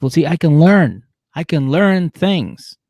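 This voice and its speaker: A man putting on the voice of a smooth-talking young man begging his girlfriend for another chance. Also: fairly high pitch, lively intonation, a little slow, a little mellow, no echo, voice pushed up. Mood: pleading.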